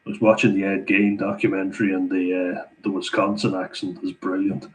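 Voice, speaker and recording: Chatty Irish man, lowish voice. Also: monotone, a little fast, rough recording. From Ireland. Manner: chatty, laughs often between remarks. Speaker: channel host answering viewer questions. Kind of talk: casual live Q&A chat.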